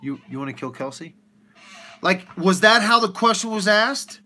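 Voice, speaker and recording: A man hosting a livestream, ranting with rhetorical questions in an animated way. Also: sits high, normal speed. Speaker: livestream host.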